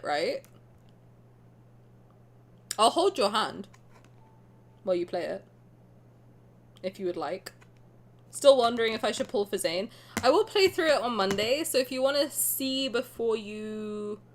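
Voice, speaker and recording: A woman streaming a game, chatting in an excitable, laughing way that bursts into yells. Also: mid-range voice. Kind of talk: excited casual reaction stream chat.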